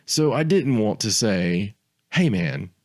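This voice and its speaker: A man's voice: on the low side, takes it slowly. A man co-hosting a podcast, telling a story in a rambling, casual way, often repeating words and acting out quotes. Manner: rambling, repeats words, animated when quoting others. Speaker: podcast co-host.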